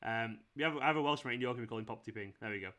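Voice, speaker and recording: A man's voice: mid-range voice, rapid-fire, bright, forceful tone. A young man hosting a football watchalong stream, chatting casually, teasing and laughing often. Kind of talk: casual live-stream chat and commentary.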